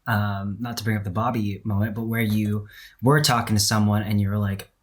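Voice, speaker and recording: Man, fairly low pitch, relaxed podcast host who chats easily and laughs along. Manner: easygoing, quick to laugh along. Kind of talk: casual podcast chat.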